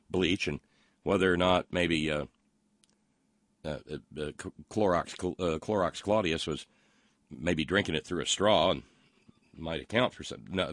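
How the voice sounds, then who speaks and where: A man's voice: deep voice, fairly bright tone, dry recording. A man hosting a political talk show, reading listener comments and mocking the news with sarcasm and lots of ums and uhs. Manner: mocking, sarcastic, halting with many fillers.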